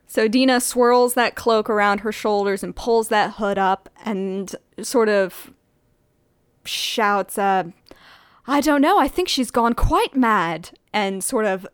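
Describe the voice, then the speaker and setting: A woman describes her character's moves in a tabletop game. She talks in a casual, playful way. Her voice is mid-pitched, and the sound is dry and close. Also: smooth, no room sound. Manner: playful, laughs often. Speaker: player.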